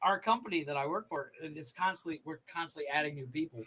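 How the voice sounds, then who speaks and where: A man's voice: on the high side, fast, sharp tone. A man in his thirties co-hosting a casual podcast chat, laughing often and acting out voices in his stories. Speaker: podcast co-host.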